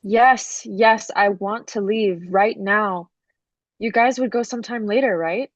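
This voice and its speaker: A woman's voice: medium pitch, measured pace, no echo, muffled recording, natural voice. An actress playing an earnest, sometimes playful teenage girl talking with her parents.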